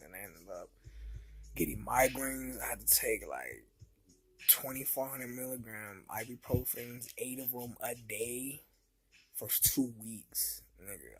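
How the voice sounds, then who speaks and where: A man's voice: on the low side, gravelly. A man telling a personal story in a casual, profane, slang-heavy way. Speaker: vlogger.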